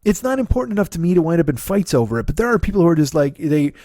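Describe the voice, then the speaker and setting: Profane ranting comic, slightly high voice. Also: male voice, sing-song, rapid-fire, darkish tone, no echo, clean studio sound. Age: 40s. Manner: profane, ranting, with frequent laughs and restarts. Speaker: podcast host. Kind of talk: comedy podcast monologue.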